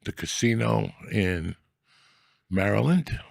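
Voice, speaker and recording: A man's voice: on the low side, lively intonation, takes it slowly, vocal fry, dry recording, studio quality. A man hosting a comedy podcast, telling profane, rambling stories in crude casual banter.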